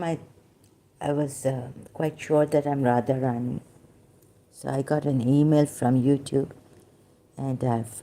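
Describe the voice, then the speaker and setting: A woman, hoarse from losing her voice, talking haltingly with many pauses and fillers in a personal video monologue. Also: very deep voice, dark tone.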